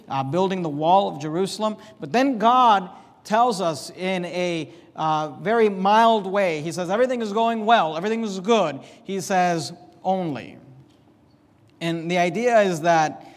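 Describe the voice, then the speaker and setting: Male preacher, emphatic measured sermon, fairly high voice, long hall reverb. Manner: slow, emphatic, repeats key words. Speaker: pastor. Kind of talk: verse-by-verse sermon.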